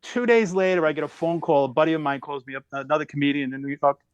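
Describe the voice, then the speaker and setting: A comedian in his fifties telling a story in a lively, exaggerated way as a podcast guest. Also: on the high side, quick pace, clean tone, no echo, muffled recording. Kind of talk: animated storytelling.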